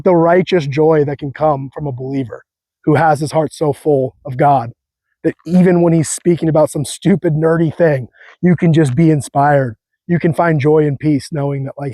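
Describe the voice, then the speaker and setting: A man's voice: a little high, darkish tone, dry recording. A young man hosting a casual faith talk, earnest and fired up, slangy, repeating his phrases. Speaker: host.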